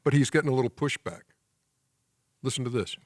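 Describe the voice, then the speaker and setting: A man's voice: mid-range voice, expressive, a little fast, slight background noise. A middle-aged man hosting a podcast, teasing his co-host and steering the casual chat with questions. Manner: teasing, questioning, leads the conversation.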